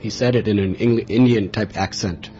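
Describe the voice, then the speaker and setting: A man's voice: lowish voice, moderate pace. Earnest man telling a story. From America. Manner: earnest, animated in tellings, chuckling. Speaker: speaker telling his spiritual story. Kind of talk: personal storytelling talk. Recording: dull lo-fi recording with faint hiss.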